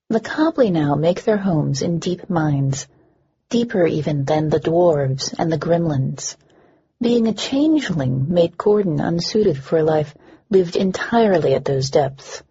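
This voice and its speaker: A woman's voice: deep voice, animated, a little slow, dark tone, slightly rough. A woman narrating a first-person audiobook with a dry, wry delivery. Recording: dull lo-fi recording.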